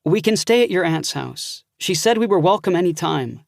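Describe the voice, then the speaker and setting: A man voicing a calm, decisive young woman who takes charge of her friends. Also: high-pitched, normal speed, vocal fry, dry recording, studio quality, pitched above the performer's own voice. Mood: firm. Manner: firm and organized.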